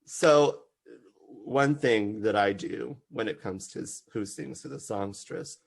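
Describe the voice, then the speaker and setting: A man hosts a casual podcast conversation with a gravelly edge to his voice. He is an animated storyteller who drifts into playful voices while making his points. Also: fairly low pitch, takes it slowly. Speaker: podcast host. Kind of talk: casual chat.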